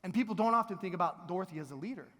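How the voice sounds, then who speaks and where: A man in his thirties giving a motivational keynote, telling stories in an energetic, playful way with asides to the audience. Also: high-pitched, rapid-fire. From Texas. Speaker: keynote speaker. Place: large event hall. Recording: long reverb of a large hall.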